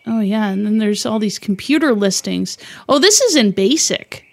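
A woman co-hosting a casual podcast, easygoing, reading passages aloud haltingly. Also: medium pitch, expressive, creaky. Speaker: podcast co-host. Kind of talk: casual chat.

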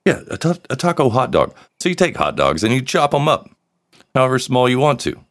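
A man's voice: medium pitch, wildly swooping pitch, brisk, a bit bright. A man hosting a live solo podcast, rambling and joking with crude humor. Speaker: podcast host.

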